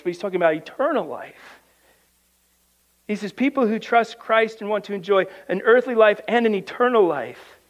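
A man preaching a sermon, reading scripture aloud and breaking in with emphatic commentary, swinging from quiet asides to loud, drawn-out emphasis. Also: high-pitched, dull audio. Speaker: pastor.

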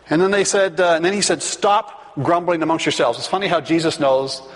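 Animated preaching man in a reverberant hall. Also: a little high, fairly quick, hardly any pauses. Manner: animated, reads scripture and acts out the crowd's questions. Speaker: pastor. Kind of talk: sermon.

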